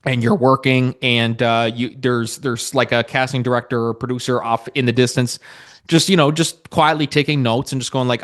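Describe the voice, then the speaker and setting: A man's voice: medium pitch, steady tone, moderate pace, fairly bright tone. Rambling male podcast host. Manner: rambling, many fillers and restarts, jokey. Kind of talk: casual podcast chat.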